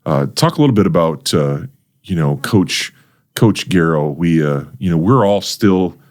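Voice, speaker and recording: A middle-aged man hosting an interview, asking questions in a halting way with many fillers. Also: deep voice, expressive, darkish tone. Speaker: host, interviewer. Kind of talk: casual interview.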